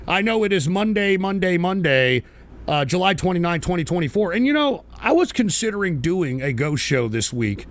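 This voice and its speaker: A male radio host ranting live at trolls in his chat, swearing and yelling, then sighing to calm himself. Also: high-pitched, moderate pace, no room sound. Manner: swings between fury and sighing calm. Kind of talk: live call-in style radio rant.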